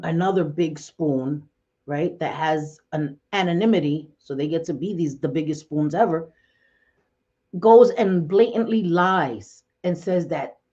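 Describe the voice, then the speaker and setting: A woman's voice: lowish voice, lo-fi sound. Blunt, profane woman livestream host. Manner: blunt, profane, excitable, laughs often. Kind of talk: casual livestream chat.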